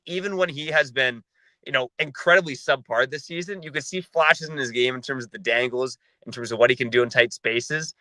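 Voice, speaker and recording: A man hosting a sports podcast, talking in a measured, analytical way. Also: mid-range voice, bright, forceful tone, no room sound, low-quality recording. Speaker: podcast host.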